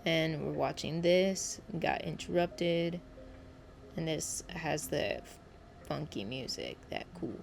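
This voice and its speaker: A woman's voice: sits low, lively intonation, slow pace, vocal fry, slight background noise. A woman casually narrating her own gameplay at home, rambling and chatty, often correcting herself.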